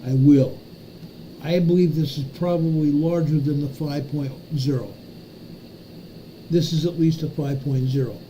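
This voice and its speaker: A man's voice: a little high, fairly even intonation, measured pace, long pauses, mellow, slight background noise, poor audio. A man hosting a live earthquake update, walking viewers through a map in an emphatic, repetitive way and often checking in with "okay?". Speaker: host of an earthquake update livestream. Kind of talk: live map walkthrough talking to chat.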